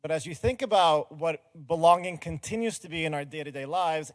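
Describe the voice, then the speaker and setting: A man's voice: fairly high pitch, lively intonation, normal speed, no echo. A middle-aged man giving an earnest, explanatory talk from a conference stage and engaging the audience directly. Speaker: conference speaker.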